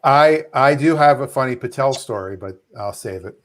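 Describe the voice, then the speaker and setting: A man's voice: mid-range voice, lively intonation, moderate pace, a little hiss or hum. A man at an online movie night, cracking jokes and telling an anecdote. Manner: joking storyteller. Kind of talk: casual group chat.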